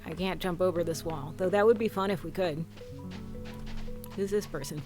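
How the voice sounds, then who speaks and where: A woman's voice: on the low side, normal speed, over music. A woman streamer giving casual gameplay commentary, chatting and reading game dialogue aloud.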